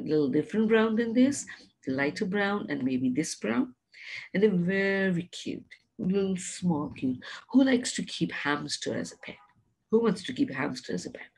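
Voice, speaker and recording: A woman's voice: medium pitch, gravelly, slightly rough. A woman teaching a science lesson to young children in a coaxing, sing-song way, often asking them questions. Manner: coaxing, gentle with the animals. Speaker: preschool teacher.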